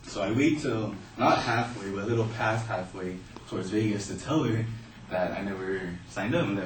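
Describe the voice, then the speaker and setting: A man telling a personal story in a casual, animated way. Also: on the low side, moderate pace, slight background noise. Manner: animated, acting out voices in his story. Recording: roomy, distant mic, faint ambience.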